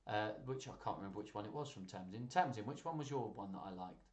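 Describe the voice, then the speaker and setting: A man's voice: fairly low pitch, expressive, fast, a little mellow, roomy sound. A man hosting a live children's joke stream, chatting casually and laughing as he reads jokes aloud.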